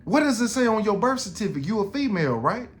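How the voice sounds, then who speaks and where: A man's voice: high-pitched, big pitch swings, fast talker. A middle-aged man, telling a story on a podcast in an exasperated, profane rant full of restarts. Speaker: podcast host.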